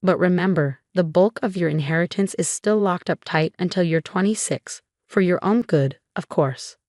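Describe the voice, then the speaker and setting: A woman's voice: lowish voice, normal speed, a little mellow, dry recording, clean studio sound, close to an everyday voice. A woman voicing a scheming middle-aged father whose concern sounds put on, in a storybook reading.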